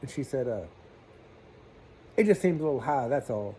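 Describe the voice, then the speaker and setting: A man's voice: medium pitch, expressive, moderate pace, pauses often, mellow, a little hiss or hum. A man, a plumber telling stories in a folksy, chatty way and acting out the dialogue. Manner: folksy, chatty, southern-style slang, acts out dialogue. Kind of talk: casual storytelling vlog.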